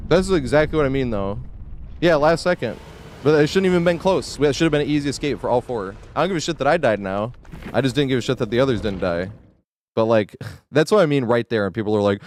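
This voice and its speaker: A man streaming a game live, ranting in exasperation with frequent swearing and yelling at the screen in bursts. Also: medium pitch, lively intonation, fast, slight background noise. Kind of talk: live gameplay commentary.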